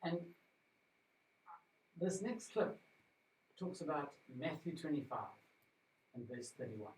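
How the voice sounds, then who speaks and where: A man's voice: a little high, lively intonation, slow pace, a little mellow, a little hiss or hum. A man, a pastor, talking informally and reflectively to a church congregation. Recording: echoey room from far off.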